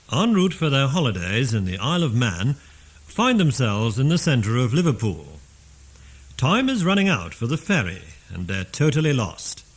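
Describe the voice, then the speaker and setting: A man with an English accent giving slow, deliberate, scripted instructional narration. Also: mid-range voice, slightly rough.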